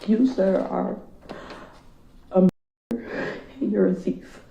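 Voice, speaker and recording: A tearful woman speaking to a courtroom in a halting, grief-stricken way, her voice breaking, recorded as echoey, muffled courtroom audio. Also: mid-range voice, vocal fry, mellow, a little hiss or hum. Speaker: victim's relative giving a statement in court. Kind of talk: emotional victim impact statement.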